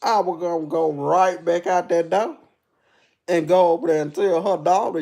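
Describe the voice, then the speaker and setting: A woman with a gravelly, creaky voice chats on her live stream. Her talk is rambling and repetitive and sprinkled with "baby" and "honey". She sinks into a low, subdued murmur, then bursts up high and loud as she retells what happened, laughing along the way. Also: steady tone, moderate pace. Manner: laughs while telling the story. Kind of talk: casual live stream storytelling.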